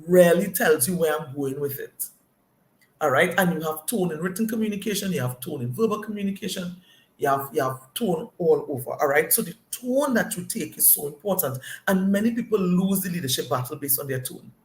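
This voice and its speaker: A woman's voice: on the low side, roomy sound. A woman teaching a leadership lesson, emphatic and often checking in with her listeners. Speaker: leadership coach.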